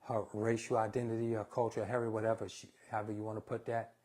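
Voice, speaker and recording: Guy with a low husky voice, cooking live and ranting blunt opinions at his viewers. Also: little pitch movement, fast, a little mellow. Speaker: cooking show host. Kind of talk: casual live-stream cooking and political talk.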